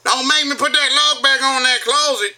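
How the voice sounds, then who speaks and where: A hollering Southern hillbilly parent. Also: male voice, very high voice, fairly even intonation, moderate pace, voice pushed up, heavily acted. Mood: scolding. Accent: American Southern. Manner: yelling, twangy scolding.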